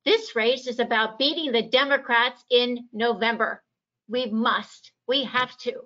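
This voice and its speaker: A Virginia woman running for office gives a passionate, emphatic stump speech at a forum. Her voice is on the high side, steady, pushed and bright, and a little slow, captured in dull lo-fi audio.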